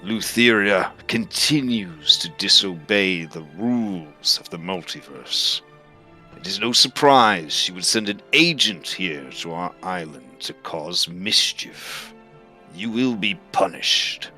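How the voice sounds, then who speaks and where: A man's voice: sits low, animated, slow pace, bright, forceful tone, soft background music, pitched below the performer's own voice, full character voice. A man voicing a wrathful winged dragon lord who speaks in a stern, threatening way, in a tabletop game.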